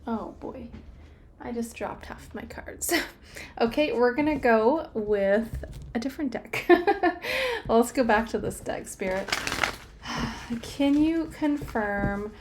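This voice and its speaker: A woman's voice: a little high, lively intonation, slow, noisy background. A woman giving a loose, conversational tarot reading, speaking straight to her viewers and talking through the cards as she turns them. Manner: conversational, loose, with filler words. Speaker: tarot reader. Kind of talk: casual tarot reading to camera.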